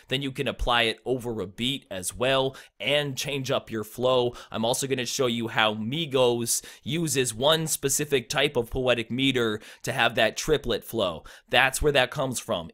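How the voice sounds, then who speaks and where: A man's voice: medium pitch, fairly bright tone. A young man teaching rap flow in a laid-back, blunt way, with frequent ums. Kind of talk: casual explainer video.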